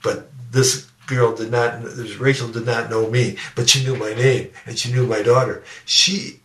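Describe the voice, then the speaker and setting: A man's voice: medium pitch, level tone, measured pace, a bit bright. Older man telling his story in a roomy echo. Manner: earnest, repeats words while telling a story. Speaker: guest educator and speaker. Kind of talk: personal storytelling in a podcast interview. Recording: roomy sound, distant from the mic.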